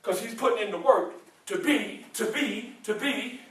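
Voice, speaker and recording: A man giving a lively motivational speech to students. He teases them playfully, asks them questions and waits for their answers. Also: high voice, normal speed, noisy background. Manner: playful, teasing, asks the audience questions and laughs often. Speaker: motivational speaker. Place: indoor room with a student audience. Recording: very echoey room, mic far off.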